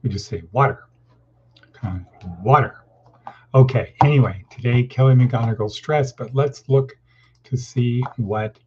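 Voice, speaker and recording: Rambling, husky-voiced man with a low-fi sound. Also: a little mellow. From California. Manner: rambling, folksy, jumps between topics. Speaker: host of a daily motivational session. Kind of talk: casual morning talk. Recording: dull lo-fi sound.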